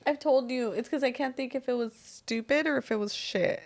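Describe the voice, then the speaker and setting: A woman's voice: sits high, moderate pace. A young woman co-hosting a casual podcast, chatty and swearing, quoting her own reactions. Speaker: podcast co-host. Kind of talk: casual chat.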